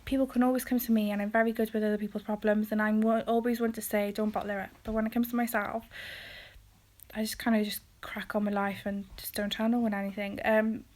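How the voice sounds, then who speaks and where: A woman speaks hesitantly in a personal confessional vlog, with many pauses and ums, often trailing off quietly. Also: mid-range voice, level tone. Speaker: vlogger.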